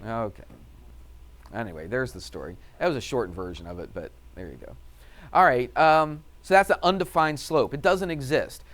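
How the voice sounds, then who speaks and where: A man's voice: medium pitch, normal speed, fairly bright tone. A man teaching a math class, asking the students questions and telling a personal story in a chatty way. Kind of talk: classroom lecture with anecdote.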